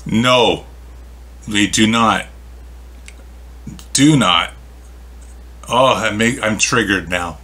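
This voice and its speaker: A man in his fifties, talking slowly in a fairly low, bright, forward voice. He reacts to a video with easygoing, teasing remarks and short comebacks. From Canada. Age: 50s. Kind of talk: casual reaction commentary.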